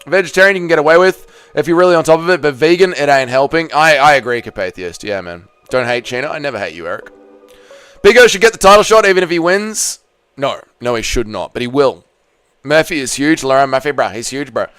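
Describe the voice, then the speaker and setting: A man's voice: on the high side, animated, quick pace, a bit bright, smooth. A young man hosting a live watch-party stream, reading and answering chat in a casual, profane, joking way.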